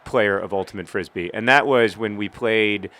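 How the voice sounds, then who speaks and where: A man's voice: on the low side, normal speed, sharp tone. A man in his thirties giving rambling, self-deprecating commentary while playing a soccer video game and cheering on his team. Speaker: gaming video host.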